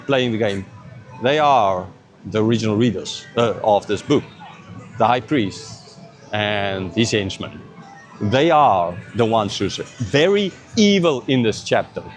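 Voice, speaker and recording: A man giving an earnest, conversational Bible teaching, often checking in with "right?" and "okay". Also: mid-range voice. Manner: earnest, conversational, drops into mocking imitations. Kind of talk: informal Bible teaching to camera.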